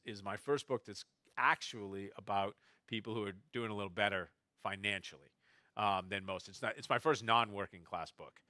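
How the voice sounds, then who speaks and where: Bright-voiced male author spinning family stories. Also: fairly low pitch, no echo, clean studio sound. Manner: anecdotal, quoting family in quick asides. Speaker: novelist speaking at a festival. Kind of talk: storytelling talk to an audience. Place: festival stage before a live audience.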